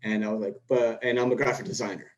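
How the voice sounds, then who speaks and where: A man's voice: on the low side, fairly even intonation, fast, darkish tone, low-quality recording. A young man from Houston, a podcast guest, telling stories in a casual, rambling way with lots of restarts and acted-out dialogue. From Houston, Texas. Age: young adult. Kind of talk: casual storytelling chat.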